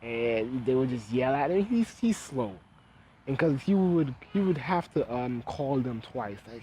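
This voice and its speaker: A man vlogging his opinions with a mellow, warm tone. He rants bluntly and curses freely. He speaks at a middle pitch with a heated, unfiltered edge. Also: animated, measured pace, slight background noise, poor audio. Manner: blunt, profane, heated ranting. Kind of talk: casual opinion monologue.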